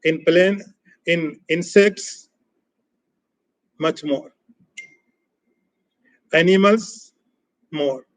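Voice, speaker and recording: A man teaching as a spiritual teacher in a scripture lecture, speaking in short, emphatic, repeated phrases that often trail off softer. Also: a little high, very slow, long pauses, dry recording, low-quality recording.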